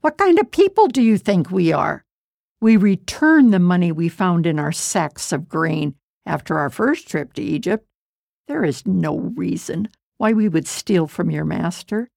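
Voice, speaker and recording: Storybook: woman playing protesting brothers, pitch raised, slow, dry sound. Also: animated, gravelly, darkish tone, no echo, heavily acted. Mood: indignant. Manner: indignant, protesting. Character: group of indignant grown brothers.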